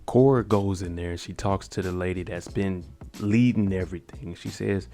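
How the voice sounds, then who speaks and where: A man's voice: deep voice, fairly quick, vocal fry, faint music behind. Man casually retelling a show's episode. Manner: animated retelling, acts out characters' lines. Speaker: show recap host. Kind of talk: casual spoken episode recap.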